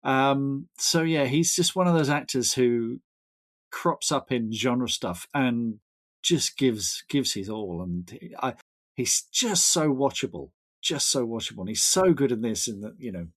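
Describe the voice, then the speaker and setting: A man's voice: medium pitch, a little slow. A man, chatting as a podcast guest, enthusiastic and rambling with frequent restarts. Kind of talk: casual chat.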